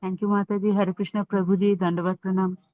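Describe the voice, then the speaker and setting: Woman reciting slowly on a thin line. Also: mid-range voice, little pitch movement, no room sound. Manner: slow, deliberate recitation. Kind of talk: chanting a Sanskrit verse. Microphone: video call. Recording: dry, phone-like call audio.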